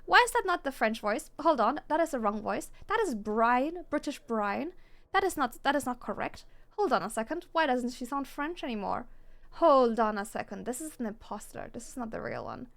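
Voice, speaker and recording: A woman with a high, gravelly voice chats her way through a game stream. She is talkative and easily flustered, narrating her own fiddling with setup in a loose, casual way. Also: sing-song, normal speed, a bit bright. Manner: chatty and easily flustered, talking to herself. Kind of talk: casual live-stream chat.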